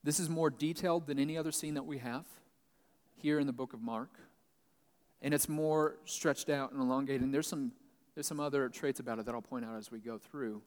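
A man's voice: medium pitch, fairly even intonation, brisk, darkish tone. Man teaching scripture in a reverberant hall. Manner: reads a passage, then explains it plainly. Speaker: pastor. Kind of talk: Bible teaching, reading and explaining. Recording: long reverb, large hall.

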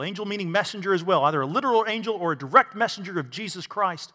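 A man's voice: high-pitched, animated, quick pace, hardly any pauses, sharp tone, in a large hall. A man preaching a sermon to a congregation, asking rhetorical questions and adding bits of humor. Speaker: pastor.

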